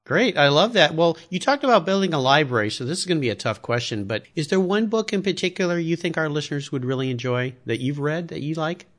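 A man's voice: a little high, lively intonation, fast talker, hardly any pauses, fairly bright tone. Enthusiastic male podcast host. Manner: upbeat, enthusiastic interviewer. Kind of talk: casual interview.

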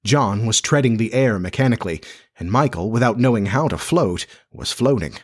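A man reading a children's story aloud in a measured storytelling manner. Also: lowish voice, animated. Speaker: audiobook narrator. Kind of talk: scripted narration.

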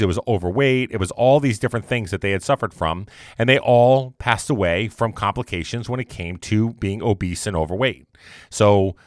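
A man's voice: fairly low pitch, no echo, clean studio sound. A man giving a casual motivational monologue, rambling and repeating himself as he talks. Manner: rambling and repetitive, conversational.

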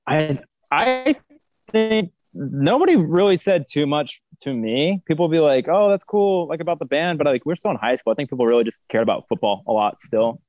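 A man's voice: fairly high pitch, expressive, moderate pace, a little mellow, no echo. A young man, a band's guitarist, telling laid-back anecdotes with a laugh in a casual interview. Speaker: band guitarist. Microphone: video call.

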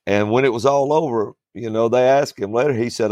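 A man who preaches, telling stories in a relaxed chat, often restarting his sentences and chuckling as he goes. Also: medium pitch, a little fast, no echo, clean studio sound. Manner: rambling, starts over often, chuckles through stories. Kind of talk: storytelling in a casual panel chat.

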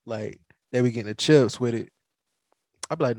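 A man's voice: medium pitch, normal speed. A man from the American South hosting a podcast, telling stories animatedly with lots of restarts. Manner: animated storytelling, stumbling restarts, laughing. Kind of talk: casual chat.

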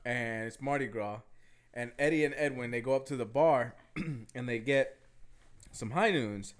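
A man's voice: mid-range voice, measured pace. Young man telling a rambling story. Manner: rambling storyteller, swears freely. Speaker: podcast co-host. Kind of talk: casual chat.

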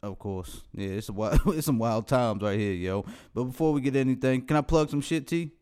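A man's voice: mid-range voice, expressive, fairly quick, darkish tone, clean tone. A man hosting a podcast, casual banter in loose slang, laughing often. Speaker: podcast host.

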